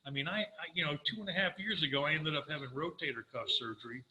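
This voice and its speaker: An older man speaks with earnest warmth as he tells his own recovery story and acts out the conversations in it. His voice is bright and forceful, and it rings through an echoey room. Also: on the high side, fast talker. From Florida. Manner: earnest storytelling, quoting himself, animated. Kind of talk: personal testimony talk.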